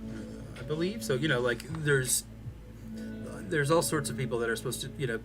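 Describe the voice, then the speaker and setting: A man's voice: medium pitch, moderate pace. A man chatting casually on a stream, rambling with many fillers and restarts. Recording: music playing behind.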